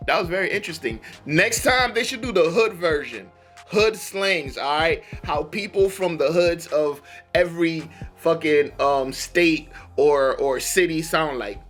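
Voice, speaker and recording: Male reaction host, Haitian accent with a Rhode Island mix, bright and slightly high, casual and profane, faint music behind. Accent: Haitian mixed with Rhode Island. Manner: rambling, loose, laughs often, curses.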